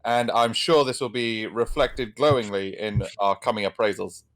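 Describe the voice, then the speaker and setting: A man playing a tabletop game, speaking in a polite, deadpan, formal way in character. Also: lowish voice, normal speed. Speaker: player.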